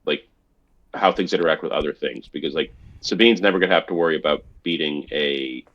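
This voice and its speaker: Very deep-voiced man on a dull mic. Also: brisk, fairly bright tone. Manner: conversational, fillers like "like". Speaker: podcast co-host. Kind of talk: casual chat.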